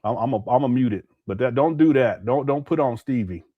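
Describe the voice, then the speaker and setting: A man's voice: medium pitch, expressive, fairly quick, no echo, narrow, tinny audio. A man commenting casually on a live stream, laughing often and mocking what he plays.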